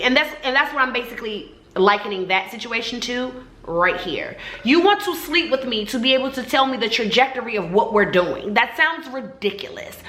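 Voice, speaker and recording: A woman vlogger telling a story to her viewers in a sassy, animated way, acting out both sides of the conversation. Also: fairly high pitch, a little fast, hardly any pauses, reverberant.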